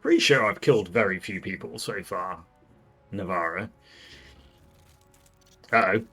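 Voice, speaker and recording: A man's voice: low-pitched, measured pace, bright, forceful tone, slightly rough, soft background music. A man streaming a video game live, chatting wryly and talking back to the characters on screen. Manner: chatty, wry, talks to the screen. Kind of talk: live gameplay commentary.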